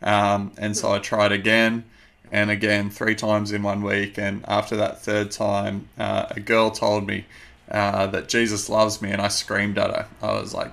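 Low gravelly man telling his story. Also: completely flat delivery, fairly bright tone. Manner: earnest, measured storytelling with frequent fillers. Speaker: guest. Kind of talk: personal testimony in conversation.

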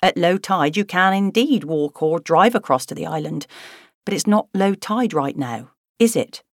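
A woman reading puts on a cheerful young boatman with a broad Cornish accent, teasing and easygoing. His voice sits low and relaxed, read close and dry for an audiobook. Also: moderate pace, no room sound.

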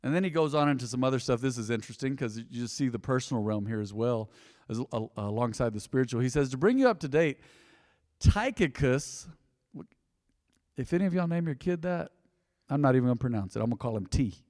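Preaching as pastor in a church sanctuary, a man keeps things loose and joking and calls for the congregation to answer back. His mid-range, darkish voice has lively intonation and a fairly quick pace. The studio-quality audio has no room sound, though it has a big-room feel.

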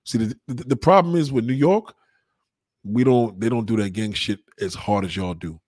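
A young man chatting casually with viewers on a livestream, rambling in profane street talk and giving shout-outs. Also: on the low side, moderate pace, breathy edge, dry recording. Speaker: livestream host.

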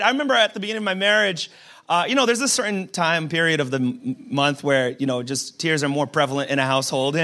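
A young male pastor gives a loose, conversational sermon, laughing often and turning to the congregation with questions. His voice sits high and sounds bright and forward. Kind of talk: casual sermon.

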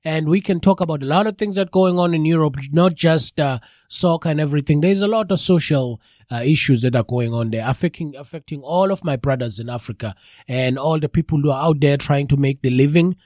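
A man's voice: a little high, fairly quick, darkish tone, no echo, clean studio sound. A man with a stuffy, congested voice from a cold, chatting casually as a live radio show host and talking straight to his listeners. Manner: chatty, addresses listeners directly.

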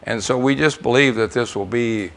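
Speaking at a moderate pace in a mid-range, fairly bright voice, an older man from the United States shares missionary stories with his church. The telling is folksy and meandering, with plenty of fillers and repeated words.

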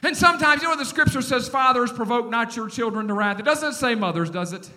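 A middle-aged man preaches with a very high, bright, cutting voice. He delivers an animated sermon and draws the congregation into call-and-response. His voice carries a long reverb from a large church hall. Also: fast. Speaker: pastor.

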